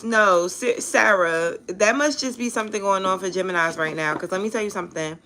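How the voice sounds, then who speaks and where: A young woman hosting a tarot live stream, chatting casually and telling animated stories with casual cursing. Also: mid-range voice, fairly quick, a little hiss or hum. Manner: chatty, animated storyteller who curses casually.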